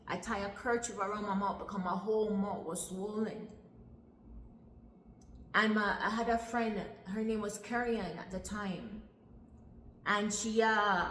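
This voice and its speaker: Woman telling her life story in an echoey room. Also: medium pitch. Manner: earnest, repeats phrases, long pauses. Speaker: storyteller recounting her childhood. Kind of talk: personal storytelling vlog. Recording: echoey room with long reverb, faint background hiss.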